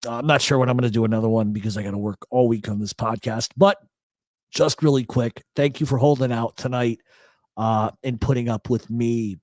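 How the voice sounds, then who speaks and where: A man's voice: mid-range voice, darkish tone, no echo. A middle-aged man hosting a casual livestream from his apartment, reading chat comments and telling rambling, joking, profane stories. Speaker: host. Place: apartment in a big city.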